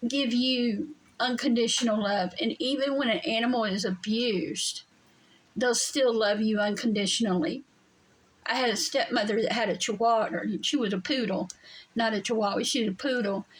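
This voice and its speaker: In a low-quality recording, a woman with a husky voice on the high side tells her viewers a story from home while a storm goes on. She's a vlogger who speaks bluntly and emphatically and swears freely.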